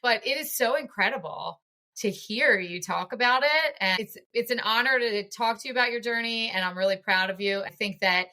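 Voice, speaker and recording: A woman's voice: a little high, moderate pace, pushed and bright. A woman in her forties hosting a podcast interview, talking in an effusive, chatty way full of praise. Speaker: podcast host. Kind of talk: casual interview chat.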